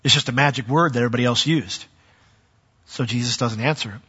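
Husky bright-voiced pastor preaching, acts out stories, dull echoey hall recording. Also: male voice, mid-range voice, brisk. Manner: animated storytelling, acts out voices. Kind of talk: sermon.

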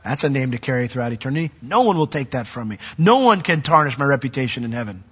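Husky-voiced pastor preaching in an echoey hall. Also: male voice, medium pitch, animated, fast talker, muffled recording. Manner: builds to loud, emphatic peaks when reading scripture; conversational asides to the congregation. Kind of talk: sermon.

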